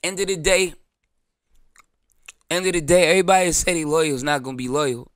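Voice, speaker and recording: A man's voice: fairly high pitch, steady tone, a little fast, a bit bright, clear, resonant tone, no room sound, studio quality. A man, hosting his show in a blunt, profane, joking monologue. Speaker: show host. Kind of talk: casual monologue.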